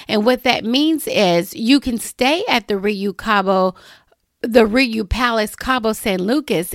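A woman's voice: fairly high pitch, creaky, no room sound, studio quality. A woman hosting a travel podcast, talking casually and chattily to her listeners. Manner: chatty, drawls "y'all". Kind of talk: casual solo podcast talk.

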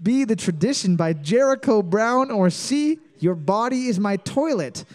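A man's voice: high-pitched, expressive, measured pace, a little mellow. A man hosting a comedic trivia quiz, playfully reading each question twice with exaggerated emphasis. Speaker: quiz host.

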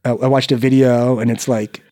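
A man from Iowa in his forties, a guest telling a story in casual chat, animated, swearing freely and acting out the people he quotes. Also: medium pitch, fairly quick, no room sound, clean studio sound. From Iowa, United States. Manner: swears freely, peppers speech with "right?".

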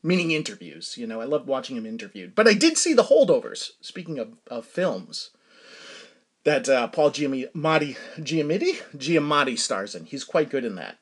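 Lively rambling middle-aged man. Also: mid-range voice, moderate pace, slightly rough. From Massachusetts, USA. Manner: rambling storytelling with frequent laughs. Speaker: podcast host. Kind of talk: casual solo monologue.

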